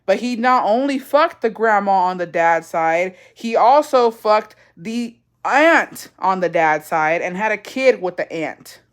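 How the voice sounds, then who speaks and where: A woman's voice: medium pitch, lively intonation, a little slow, hardly any pauses. A woman hosting a casual livestream, blunt and profane, explaining family drama and tossing in Spanish phrases. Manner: sassy, repetitive explaining. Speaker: livestream host answering viewer questions. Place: lives in Mexico.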